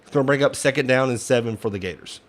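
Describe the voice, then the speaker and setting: A man's voice: medium pitch, quick pace. A young man giving casual fan play-by-play commentary, frustrated and ranting at the play calling, sometimes swearing.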